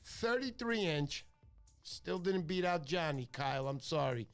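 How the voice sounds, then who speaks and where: A man hosting a casual fishing livestream, chatty and excitable, thanking viewers by name. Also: fairly high pitch, a little slow. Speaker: livestream host.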